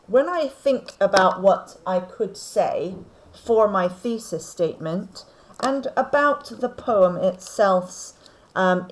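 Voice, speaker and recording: A woman teacher, slowly talking through a poem for her class and checking in with "okay?" as she goes. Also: mid-range voice, low-quality recording. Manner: slow, deliberate explaining with frequent "okay?" checks. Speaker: English teacher. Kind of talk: recorded lesson on poetry.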